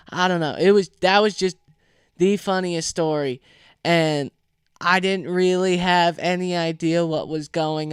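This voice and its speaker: A young man hosting a podcast alone, telling a college story in a casual, animated way, swearing and acting out the people he quotes. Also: sits high, clear, resonant tone, no echo, clean studio sound. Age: young adult. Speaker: podcast host. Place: home.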